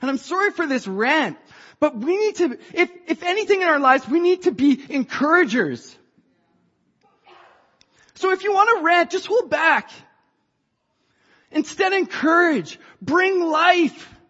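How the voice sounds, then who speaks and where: Woman church speaker, high-voiced and impassioned, recorded dull and echoey in a big hall. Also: sing-song, a little slow, long pauses. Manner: impassioned, rising to shouts. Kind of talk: sermon. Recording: dull sound in a reverberant hall.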